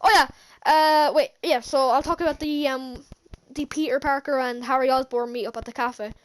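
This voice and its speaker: A woman's voice: sits high, fairly even intonation, normal speed. A woman recapping a movie in a casual, rambling way, laughing often and restarting her sentences. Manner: rambling, giggly, many restarts. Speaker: movie reviewer.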